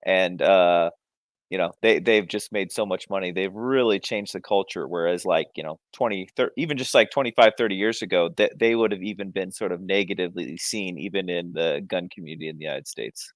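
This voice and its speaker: A man's voice: low-pitched, fairly quick, no echo. A man talking casually as a panelist on an online discussion, rambling with lots of "you know".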